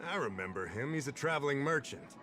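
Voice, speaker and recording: A man's voice: mid-range voice, expressive, a little fast, lightly acted. A man voicing a polite, formal official in a game who greets and briefs investigators. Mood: recalling. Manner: courteous and formal. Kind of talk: game voice acting. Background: game music.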